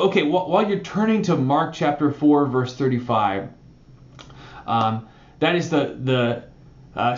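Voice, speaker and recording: A pastor with a medium-pitched voice preaches conversationally and animatedly, explaining a Bible passage and often tacking on "right?" The sound is echoey and the highs are cut off.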